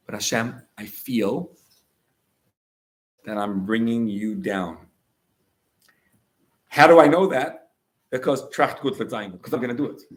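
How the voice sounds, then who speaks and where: A man gives an animated talk to high school students as a rabbi. His pitch swings widely as he acts out little scenes and quotes. He keeps it casual and conversational, never stiff. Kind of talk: lively motivational talk.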